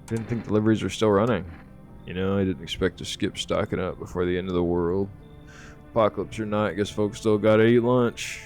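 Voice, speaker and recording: A man's voice: fairly low pitch, a little mellow, lightly acted. A man voicing a chatty, overworked delivery driver who rambles and complains.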